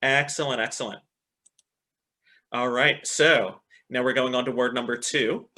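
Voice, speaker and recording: An upbeat man presenting a teacher webinar on a video call, with a bright, forceful voice. He keeps checking in with his listeners and praising their answers as he talks through a computer mic. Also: medium pitch, steady tone, measured pace. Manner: upbeat, repeats "excellent" and "right?" often. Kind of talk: online teacher training webinar.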